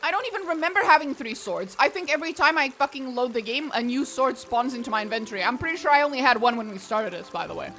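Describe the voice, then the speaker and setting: Excitable woman streaming a game. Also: high-pitched, fast talker, few pauses, slight background noise. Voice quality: excitable, swears and laughs a lot. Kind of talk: casual gameplay commentary.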